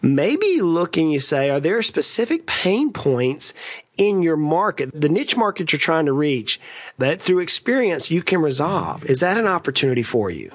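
A man's voice: on the high side, big pitch swings, moderate pace. A middle-aged man from East Tennessee, hosting a conversational business lesson with folksy, joking asides. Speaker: podcast host and financial advisor.

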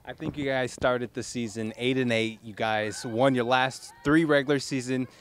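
A man's voice: medium pitch, steady tone, moderate pace, slight background noise. A man working as a local TV sports reporter, asking a young athlete chatty questions and laughing lightly between phrases.

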